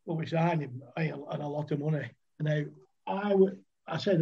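A man's voice: fairly high pitch, moderate pace, vocal fry, dark tone, breathy edge, muffled recording. An older man telling rambling cricket-club anecdotes in a casual chat, often laughing. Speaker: guest, former cricketer. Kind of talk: casual storytelling.

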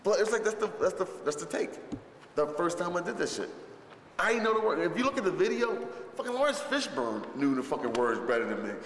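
This time the interviewee's voice is high-pitched and brisk, with a little hiss or hum, heard in an echoey hall with long reverb and faint ambience. Recalling a film shoot, he tells stories in a rambling, profane way, full of fillers and restarts, animatedly voicing others' lines.

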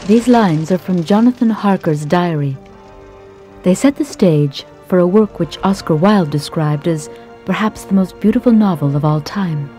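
A woman reading a scripted travel documentary narration in a measured storytelling manner. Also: lowish voice, warm tone, soft background music.

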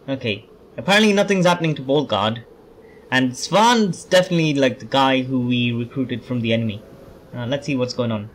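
A man's voice: mid-range voice, expressive, a little fast, a little hiss or hum. Rambling, self-deprecating man gaming. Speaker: let's play host. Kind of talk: casual gameplay commentary.

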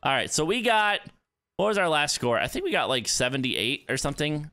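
A young man giving excitable, panicky live commentary on his own gameplay. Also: on the high side, quick pace, slight background noise. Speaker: gaming YouTuber.

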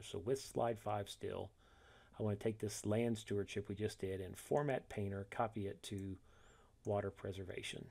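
A man walking through a software tutorial step by step, reading each instruction and then demonstrating it, correcting himself along the way. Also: lowish voice, fairly even intonation, normal speed, gravelly. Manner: methodical, reads steps then demonstrates, self-corrects.

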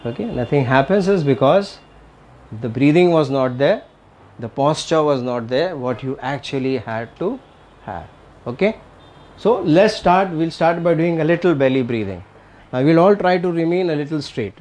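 A man's voice: on the high side, expressive, moderate pace, darkish tone. A man teaching tai chi and qigong in a live talk, speaking emphatically and often checking in with the audience. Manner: emphatic, repetitive, checks in with "Okay?".

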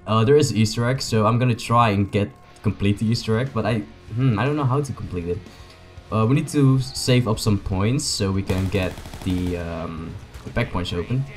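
A young man, a native Dutch speaker, gives excitable, joking, rambling commentary to his viewers as he plays a video game. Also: fairly low pitch, moderate pace, soft background music. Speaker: gaming YouTuber. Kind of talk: casual gameplay commentary.

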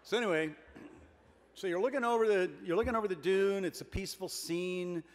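An older man giving a comic keynote speech at a dinner, deadpan and wry, building his jokes with pauses. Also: high-pitched. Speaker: keynote speaker. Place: large banquet hall with a dinner audience. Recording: reverberant banquet hall, faint room noise.

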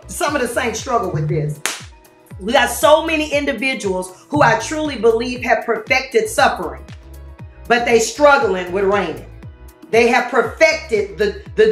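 Lively woman hosting a faith talk. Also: fairly high pitch, echoey room. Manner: lively preacher-like delivery with playful exclamations. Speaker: host.

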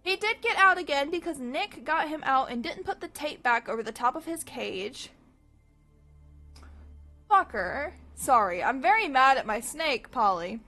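A woman streamer chatting casually with her live audience, chatty and animated, swearing freely. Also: high voice, normal speed, hardly any pauses, faint music behind.

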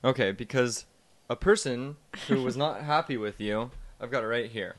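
A young man co-hosts a cooking podcast in relaxed, casual talk. He sounds upbeat and laughs easily. His pitch is ordinary. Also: normal speed. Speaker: co-host, host's son.

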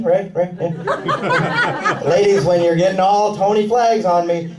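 A man doing a stand-up comedy set with a punchy, animated delivery and quick put-on voices. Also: sits high, noisy background. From Mexican family roots. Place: comedy club on stage. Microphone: handheld stage mic. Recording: roomy club sound with laughing crowd, taken from far off. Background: audience laughter.

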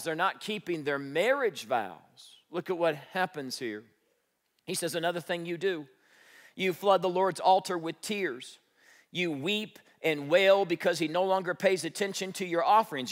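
A man preaching a sermon as pastor, asking the congregation rhetorical questions and swinging from loud declarations to hushed, slowed phrases for emphasis. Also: a little high. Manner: dramatic shifts from loud to hushed, slows for emphasis. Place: church stage.

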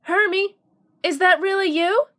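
A woman's voice: very high-pitched, unhurried, fairly bright tone. A woman reading aloud voices a young male worm who is eager and full of wonder.

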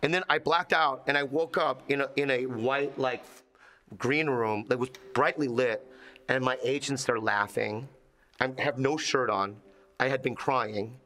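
Earnest man with halting speech. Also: mid-range voice, fairly even intonation, sharp tone. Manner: earnest, halting, repeats words. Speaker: comedian. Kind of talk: documentary interview.

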